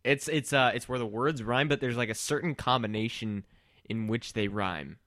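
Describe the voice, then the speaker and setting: A man's voice: mid-range voice, moderate pace, fairly bright tone, no echo, clean studio sound. A young man co-hosting a casual podcast, chatty and jokey as he reads the news. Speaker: podcast co-host reading news. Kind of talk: casual chat.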